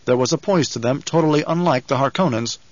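A man narrating an audiobook in a measured, even manner. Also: medium pitch, dry recording, lo-fi sound. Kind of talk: scripted narration.

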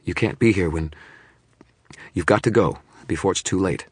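A man's voice: low-pitched, normal speed, slightly rough, no echo, voice pushed up. A man reading aloud and voicing a frightened, grieving mother who pleads in a strained voice close to tears. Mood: fearful. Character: frightened, grieving mother, a woman in her thirties.

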